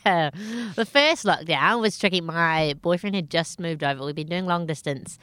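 A young woman comedian with a squeaky, nasal voice, chatting casually and self-deprecatingly in an interview, laughing often. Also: measured pace, fairly bright tone, clean tone, no echo. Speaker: comedian guest.

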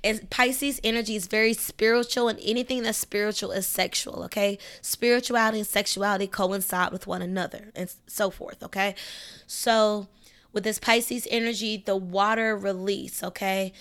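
A woman's voice: mid-range voice, fairly even intonation, normal speed, fairly bright tone, clear, resonant tone. A woman hosting an astrology podcast, talking in a casual, emphatic way, piling up rhetorical questions and checking in with "okay". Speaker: podcast host.

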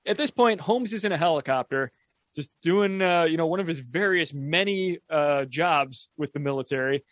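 A man co-hosting a podcast, recapping a horror movie plot in a relaxed, profane storytelling way. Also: a little high, normal speed, no room sound. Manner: relaxed storytelling, swears casually. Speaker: podcast co-host. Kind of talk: casual movie recap chat.

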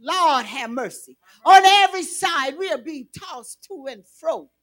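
High-voiced woman preaching slowly. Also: expressive. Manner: preaching, rising to shouts. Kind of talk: sermon.

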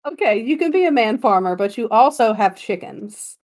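A woman co-hosting a podcast, chatting casually and telling a story with animated, giggly energy. Her voice is fairly high and swoops all over as she talks. She directs her partner with playful bossiness. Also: moderate pace. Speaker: podcast co-host. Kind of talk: casual chat.

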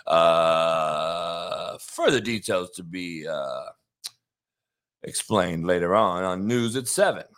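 A man putting on the voice of a TV news anchor, announcing in a flat, mock-serious way with hesitations. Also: low voice, slow, voice pushed down. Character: deadpan male TV news anchor.

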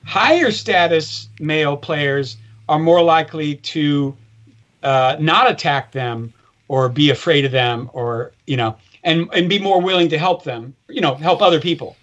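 A man's voice: on the high side, measured pace, fairly bright tone, muffled recording. A man in casual chat, explaining things with some hesitation.

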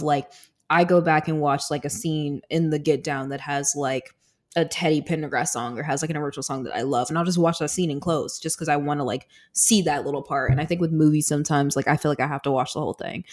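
Chatty woman hosting a podcast. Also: low voice. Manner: chatty, filler-heavy with "like" and "you know". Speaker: podcast host. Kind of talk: casual podcast chat.

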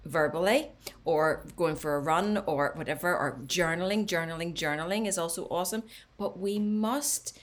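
Lady on a podcast coaching her friend, animated and a bit low-voiced. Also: moderate pace. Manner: animated, advice-giving, dips to near whisper. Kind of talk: casual podcast chat.

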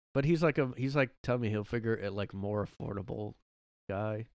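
Lowish guy rambling on his solo podcast in his room, dry close sound. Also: clear, resonant tone, no echo. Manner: rambling, lots of fillers and self-corrections, laughs often. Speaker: podcast host. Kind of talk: casual solo chat. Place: home room.

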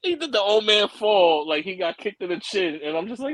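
Joking, slangy podcast co-host. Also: male voice, high-pitched, sing-song, brisk, a bit bright, no echo, poor audio. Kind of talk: casual wrestling chat.

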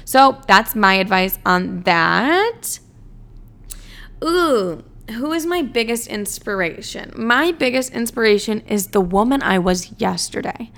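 Profane ranting woman with vocal fry. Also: a little high, lively intonation, slow pace, a bit bright. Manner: blunt, profane, ranting, lots of "like". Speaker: comedian answering fan questions. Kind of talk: casual chat.

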